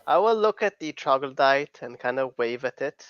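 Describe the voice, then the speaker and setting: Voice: mid-range voice, animated, moderate pace, clean tone, no echo. Playful player in a tabletop game, dull mic. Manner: playful, giggly in-character quips. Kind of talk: playing a tabletop game over voice chat.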